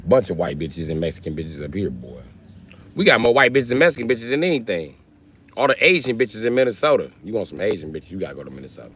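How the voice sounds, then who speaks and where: A man with a Milwaukee accent hosts a live stream, talking crude and boisterous as he rambles on. His voice sits fairly low. A faint hum runs behind him. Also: animated, fast talker, a bit bright. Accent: Milwaukee, Wisconsin. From Wisconsin. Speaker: livestream host. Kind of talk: casual livestream chat.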